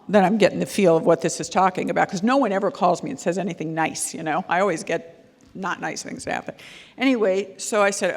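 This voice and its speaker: A woman's voice: on the low side, quick pace. A woman child-safety educator giving an earnest, conversational talk to parents, telling stories with frequent ums and restarts. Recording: long hall reverb.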